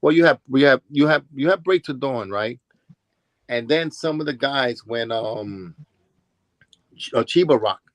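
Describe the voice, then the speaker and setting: A man's voice: mid-range voice, expressive, measured pace, pauses often, dry recording. A man with a New York accent telling rambling stories in an interview, often restarting and acting out what people said. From Brooklyn, New York. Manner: rambling, with restarts and acted-out quotes. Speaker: interviewee, former b-boy. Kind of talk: casual storytelling interview.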